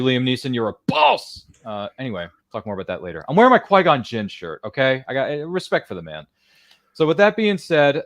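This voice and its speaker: A man in his thirties hosts a watchalong live stream, rattling along quickly with bursts of excitement and playful asides. His pitch leaps and dips all over the place. The sound is dry and close, with no room behind him. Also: no room sound. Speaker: livestream watchalong host. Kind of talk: casual live-stream chat. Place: home studio.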